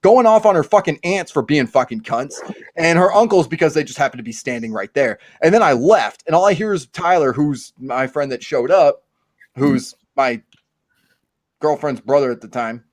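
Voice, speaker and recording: Profane ranting man, fairly high voice. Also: expressive, normal speed, no room sound, clean studio sound. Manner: profane, ranting, stammering restarts. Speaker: podcast host and author. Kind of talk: crude comedic storytelling.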